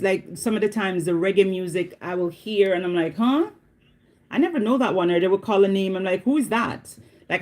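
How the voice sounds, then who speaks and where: A woman's voice: low-pitched, a little mellow. A woman chatting casually to camera as a vlogger, repeating herself and often checking in with the listener. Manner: chatty, repeats herself, often asks "you know what I mean".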